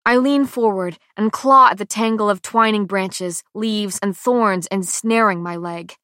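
A woman narrating a first-person audiobook with a tense, dramatic delivery that drops to hushed lines, recorded on a close mic in a booth. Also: mid-range voice, measured pace, no echo.

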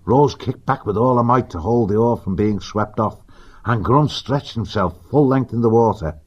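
Male audiobook narrator, lowish husky voice, steady vivid read, lo-fi. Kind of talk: scripted storybook narration. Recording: dull lo-fi recording.

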